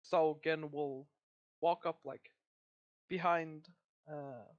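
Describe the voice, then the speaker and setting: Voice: medium pitch, steady tone, slow pace, muffled recording. A player in a casual tabletop game who talks loosely and swears freely.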